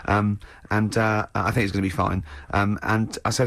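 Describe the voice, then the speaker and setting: A man's voice: lowish voice, moderate pace, fairly bright tone, no echo. A man hosting a radio show, telling stories in casual banter and laughing often. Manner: storytelling, quoting friends, laughing often. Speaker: radio host. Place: radio studio.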